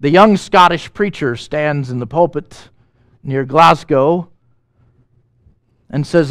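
A man preaching a sermon as pastor, animated and emphatic, asking the congregation questions and making quick asides. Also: fairly high pitch, no echo.

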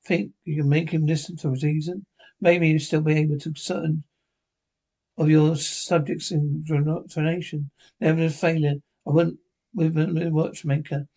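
Male amateur reader, higher-pitched, rough gravelly voice; halting delivery with restarts. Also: flat delivery, mellow. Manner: halting, stumbles and restarts words. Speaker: narrator reading all parts. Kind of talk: amateur reading of a TV episode script.

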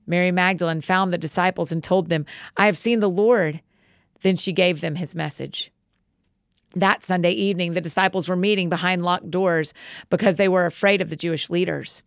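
A woman host reading scripture aloud in a steady, measured way. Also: lowish voice, vocal fry, dry recording, studio quality.

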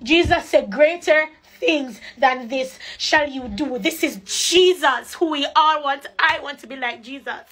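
Woman, impassioned preachy livestream rant, tearful at times, higher voice. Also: unhurried, few pauses, a bit bright. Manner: emotional and preachy, switching between patois and standard English. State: crying at times. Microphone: phone.

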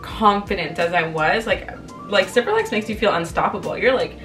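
Chatting to camera, a young Canadian vlogger in her twenties tells a candid story, slipping into lively voices for the quotes. She speaks in a mid-range voice at moderate pace, sounding somewhat distant, with faint music in the background.

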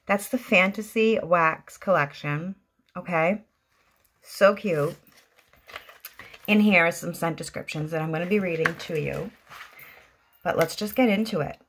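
A woman's voice: fairly low pitch, unhurried, pauses often, a bit bright, slight background noise. A woman with a Boston accent giving a chatty, enthusiastic product review at home, gushing about each item. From Boston area, US. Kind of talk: casual product review vlog.

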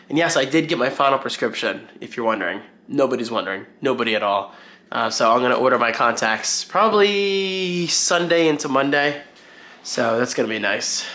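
A man's voice: mid-range voice, sharp tone, a little hiss or hum. A man vlogging in a casual, rambling, self-deprecating way about his day. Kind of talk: casual daily vlog chat.

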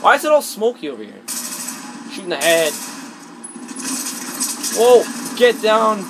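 A let's-play gamer with a high-pitched, very animated voice talks a little slowly, rambling self-consciously and swearing often as he plays. Loud gunfire and game sounds fill the noisy recording.

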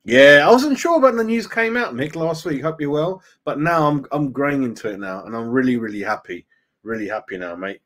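A man's voice: medium pitch, animated, brisk, a bit bright. A man hosting a casual fan live stream, chatting loosely, greeting viewers by name and saying "mate" a lot. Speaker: fan channel host.

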